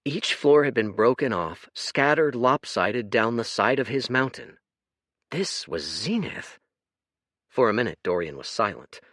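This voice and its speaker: Man, audiobook narration, scripted, animated pitch, dry close mic. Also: moderate pace, few pauses, no room sound. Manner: expressive, shifts voice for characters.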